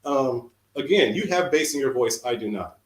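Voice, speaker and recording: A man on a livestream defending himself in a measured tone, insisting he stays calm. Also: mid-range voice, roomy sound, a loud crowd. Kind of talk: heated argument.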